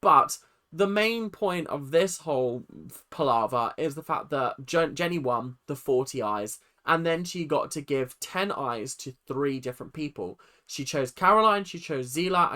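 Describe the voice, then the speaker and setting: A young man casually ranting through a reality TV recap, chatty and animated, mocking people with quick impressions. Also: a little high.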